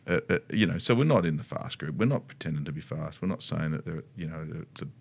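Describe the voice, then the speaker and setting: A man's voice: rumbling low, animated, fast talker, gravelly, breathy edge. A middle-aged Australian man co-hosting a casual talk about riding, rambling with many restarts and asides. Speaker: motorcycle dealership co-host. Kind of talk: casual chat.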